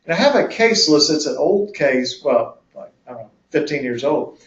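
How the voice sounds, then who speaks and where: A man's voice: a little high, sing-song, moderate pace. A man presenting a legal webinar in a conversational, folksy way, acting out courtroom examples as he explains the rules. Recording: echoey room, distant mic, dull lo-fi.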